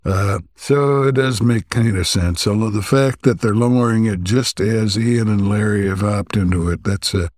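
A low-voiced man recapping an episode. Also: dry recording, studio quality. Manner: relaxed, halting, with frequent "uh" pauses. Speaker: podcast co-host. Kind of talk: casual plot recap.

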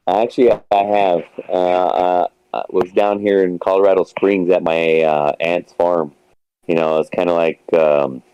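A man's voice: deep voice, warm tone, clear, resonant tone, no echo. A man in casual podcast chat, rambling with lots of fillers and restarts, swearing casually. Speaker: guest. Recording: dull lo-fi sound.

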